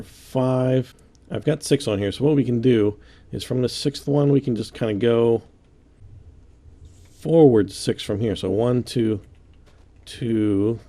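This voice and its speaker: Male tutorial host, low and gravelly, mellow tone, easygoing self-joking delivery. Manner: counts aloud, relaxed and self-joking. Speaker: game building tutorial host. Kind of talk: casual step-by-step building commentary.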